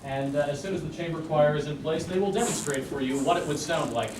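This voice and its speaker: A man's voice: on the high side, fast. A man giving a lecture recital, explaining music to an audience and counting beats aloud. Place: recital hall. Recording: echoey hall from far off, noisy.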